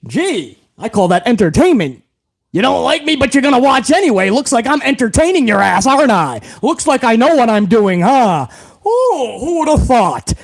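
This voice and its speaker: Swearing, heated wrestling show host. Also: male voice, very high voice. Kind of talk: profane rant to a live chat.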